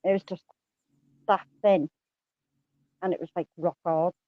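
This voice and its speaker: A woman's voice: on the low side, fairly even intonation, measured pace, dry recording, narrow, tinny audio. A woman telling rambling, laughing anecdotes in a casual chat, swearing a lot. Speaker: guest on a live chat stream.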